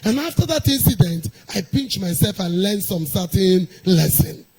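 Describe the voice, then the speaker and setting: A middle-aged woman, a pastor's wife telling a personal story in a sermon, animated and laughing often. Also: medium pitch, normal speed, breathy edge, low-quality recording.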